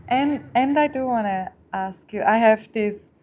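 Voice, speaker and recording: A woman who is a guest on a casual podcast, speaking haltingly and searching for her words. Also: fairly high pitch, a little mellow, slight background noise.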